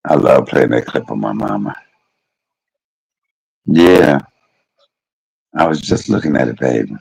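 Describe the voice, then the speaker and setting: A man's voice: a bass voice, lively intonation, measured pace, gravelly, a little mellow, breathy edge, rough recording. A man chatting casually and rambling on a livestream, calling his viewers y'all and baby. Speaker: live streamer.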